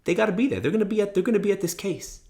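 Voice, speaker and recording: A man voicing his stern, tough father, who is giving a slow, low warning about harsh cops and judges. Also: lively intonation, a little mellow. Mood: ominous.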